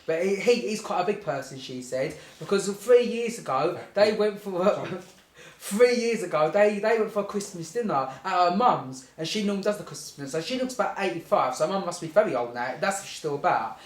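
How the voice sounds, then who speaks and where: A storyteller winds through a comic anecdote, giggling often and circling back with "anyway". The voice sits at a middling pitch. The recording carries a clear roomy echo. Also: animated, fairly quick. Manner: rambling, keeps saying "anyway", giggles through the telling. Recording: echoey room.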